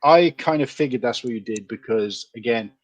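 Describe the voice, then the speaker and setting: A man's voice: mid-range voice, dry recording. Chatty Welsh man hosting a show. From Wales. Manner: chatty and rambling, with quick asides. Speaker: podcast host. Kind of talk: casual chat.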